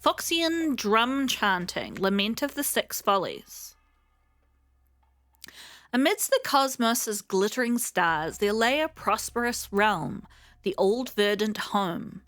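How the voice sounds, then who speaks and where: A woman's voice: medium pitch, lively intonation, takes it slowly, fairly bright tone, dry recording. Woman chatting over a game. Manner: reads game text aloud between remarks, frequent fillers. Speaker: let's play host. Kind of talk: casual gameplay commentary.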